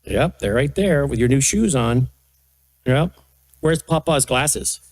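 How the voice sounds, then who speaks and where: An older man, the host, gently coaxing and baby-talking with a small child at a studio news desk. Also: medium pitch, expressive, slow pace, no echo. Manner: soft coaxing baby talk. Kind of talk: casual chat with a toddler on air.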